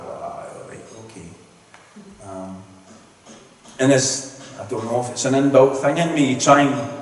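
A man giving an earnest, rambling testimony as a lay preacher, often breaking off and restarting. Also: a little high. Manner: earnest, rambling, self-interrupting. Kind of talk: sermon testimony. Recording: echoey hall, distant mic.

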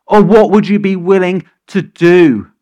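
Guy preaching a fired-up sermon, pretty high voice, slow and deliberate, keeps throwing questions at the crowd. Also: dark tone, dull audio. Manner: impassioned, rising to emphatic peaks, asks the congregation many questions. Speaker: pastor.

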